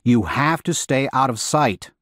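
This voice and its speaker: A man voicing an anxious male guide of time travelers, speaking in a hushed, urgent hiss. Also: medium pitch, expressive, a little slow, no room sound, clean studio sound.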